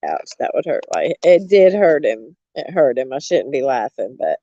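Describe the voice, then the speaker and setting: A woman's voice: very deep voice, sing-song, normal speed, mellow, no echo, highs cut off. A woman, a vlogger gossiping in a blunt, mocking way, often laughing and cursing. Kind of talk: casual gossip chat.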